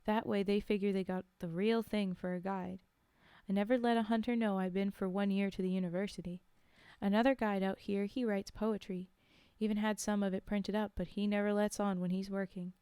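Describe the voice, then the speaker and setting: A shrewd, experienced guide passing on tricks of the trade in a dry, wry way, as a woman storyteller voices him. The tone is mellow and smooth. The sound is close and dry. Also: mid-range voice, dry recording, close to an everyday voice.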